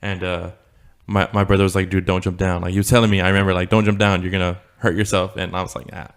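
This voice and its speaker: A man's voice: low-pitched, flat delivery, fast, clear, resonant tone. A young man co-hosting a podcast, telling a childhood story in a rambling, swearing, laughing way. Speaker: podcast co-host. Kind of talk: casual storytelling chat.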